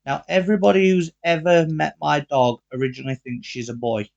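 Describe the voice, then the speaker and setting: Gravelly man telling a story. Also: on the high side, fairly quick, dull audio. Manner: animated, acts out quoted dialogue, swears freely. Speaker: podcast co-host. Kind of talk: casual storytelling chat.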